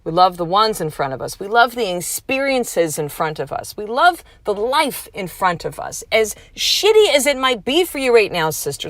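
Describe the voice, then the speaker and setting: Frank low-voiced woman host, dry mic. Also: no echo. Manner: frank and casual, swears freely, animated emphasis. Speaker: podcast host. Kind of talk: candid motivational monologue.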